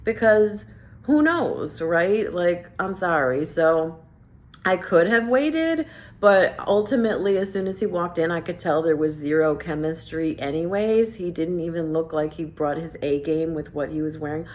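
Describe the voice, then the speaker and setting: A woman recounting a story straight to camera in a casual vlog. Her voice sits a little low, and she jumps into quoted dialogue with lively, animated shifts. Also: measured pace. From New Jersey. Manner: animated, acts out both sides of conversations. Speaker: vlogger.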